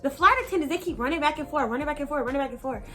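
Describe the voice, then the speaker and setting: Young woman, casual storytime vlog, animated slangy delivery, bright voice. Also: high voice, racing, faint music behind. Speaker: vlogger.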